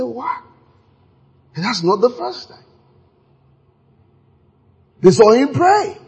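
A man preaching a sermon, animated and acting out scenes with sudden exclamations, his voice very husky. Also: extremely high pitch, slow.

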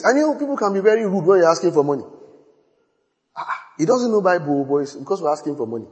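Pastor, middle-aged man, high tenor, sermon storytelling: repetitive, shouts then hushes, long hall reverb. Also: big pitch swings, fast talker.

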